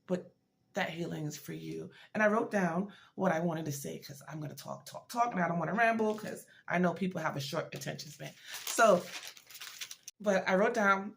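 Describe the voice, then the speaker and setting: A woman speaks to her viewers in a loose, heartfelt vlog, rambling a little as she shares personal news. Her voice sits low and has a gravelly fry to it. She sounds worn out and tired. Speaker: motivational vlogger. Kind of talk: casual personal talk to camera.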